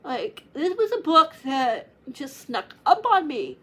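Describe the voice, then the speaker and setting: A woman's voice: sits high, very animated, slow, sharp tone. A woman chatting casually to camera about her favorite books, gushing and emotional, close to tears, with lots of "like" fillers. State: tearful, near crying. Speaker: book reviewer. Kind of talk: casual book chat to camera.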